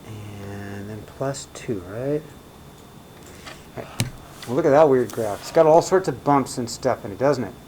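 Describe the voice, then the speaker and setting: A man's voice: medium pitch, a little slow, long pauses, darkish tone, poor audio. Casual male math teacher, faint hiss. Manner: casual, checks in often with "right?" and "okay?". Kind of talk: recorded math lesson.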